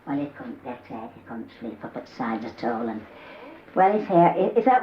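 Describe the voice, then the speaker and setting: An older woman with a Yorkshire accent telling humorous dialect stories, acting out the characters' voices with lively shifts. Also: rumbling low, moderate pace, noisy background. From Yorkshire, England. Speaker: dialect storyteller. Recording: roomy, dull old cassette tape.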